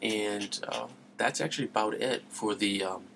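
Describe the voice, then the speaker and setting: A man hosts a gaming podcast in loose, chatty talk, losing his thread now and then and laughing it off. His mid-pitched voice has a gravelly edge, with a faint hiss underneath. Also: normal speed, fairly bright tone. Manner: rambling, easily sidetracked, laughs at himself. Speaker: podcast host.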